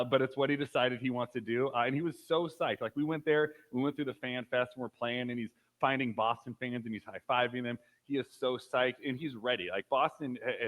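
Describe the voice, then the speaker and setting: Conversational pastor man, mid-pitched. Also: a bit bright, poor audio. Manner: conversational, storytelling with fillers and "like". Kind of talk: casual sermon.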